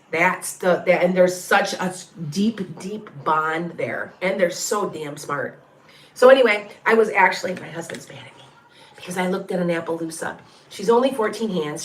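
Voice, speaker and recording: A woman's voice: lowish voice, echoey room. A woman, a psychic medium, chatting casually with viewers on a livestream, rambling, heartfelt and frank, now and then salty. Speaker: psychic medium and tarot reader.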